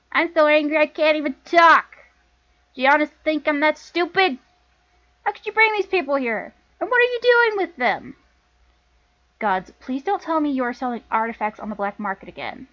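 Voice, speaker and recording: A woman's voice: on the high side, lo-fi sound. A woman voicing an angry, bossy older sister in her twenties who scolds and lectures her younger sibling.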